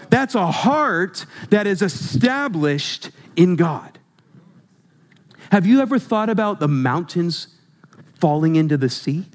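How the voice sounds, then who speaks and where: A man's voice: high voice, sing-song, slow. A man preaching a sermon, conversational and humorous, asking his congregation questions as he goes.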